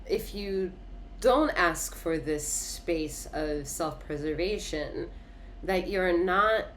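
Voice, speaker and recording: A woman's voice: on the low side, slow, a little hiss or hum. Emphatic woman giving a tarot reading. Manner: emphatic, repetitive, swears and laughs often. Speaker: tarot reader.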